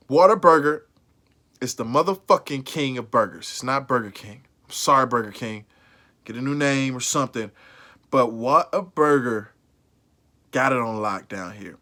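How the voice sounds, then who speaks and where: A man giving a casual, emphatic fast food burger ranking, slangy and profane, often repeating himself. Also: medium pitch, expressive, bright, forceful tone. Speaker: food reviewer vlogger.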